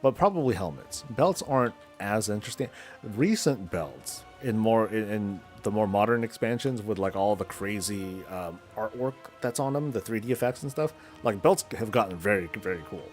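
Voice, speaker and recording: Slangy, low-voiced male game streamer. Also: lively intonation, normal speed, soft background music. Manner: loose, slangy and rambling, talking to himself. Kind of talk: casual chat while gaming.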